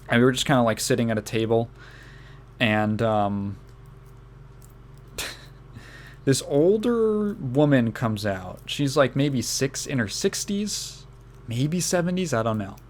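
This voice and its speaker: A man's voice: medium pitch, lively intonation, measured pace, long pauses. Rambling young man telling a story. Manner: rambling with many restarts and laughs. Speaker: podcast host. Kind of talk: casual storytelling.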